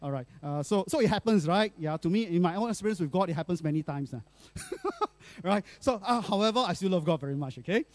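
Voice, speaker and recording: Middle-aged preacher guy, chatty, loads of fillers, bit high voice. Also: sing-song, brisk. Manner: chatty, many fillers and tag questions. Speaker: pastor. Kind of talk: sermon with personal story.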